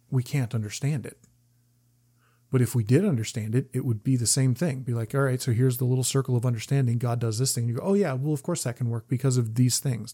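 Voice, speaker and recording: Mellow-voiced man musing aloud. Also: mid-range voice, slightly rough. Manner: thinking aloud with restarts. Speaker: podcast co-host. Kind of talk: casual book discussion.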